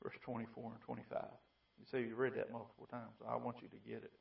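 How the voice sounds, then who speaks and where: A man's voice: medium pitch, flat delivery, fast, creaky. Fiery preacher man, distant lo-fi sound. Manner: swings from quiet pleading to shouting. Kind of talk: fiery sermon. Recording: distant, dull lo-fi mic.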